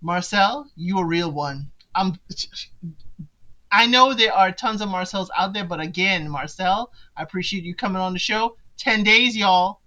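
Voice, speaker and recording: A woman's voice: medium pitch, unhurried, bright, forceful tone, poor audio. A woman hosting a podcast, recapping a show in casual, chatty commentary and talking straight to her listeners with teasing asides. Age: adult parent of sons.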